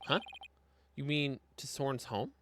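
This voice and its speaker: A man's voice: medium pitch, measured pace, background noise, close to an everyday voice. A man voicing a young male lawyer in a video game in a dry, matter-of-fact way.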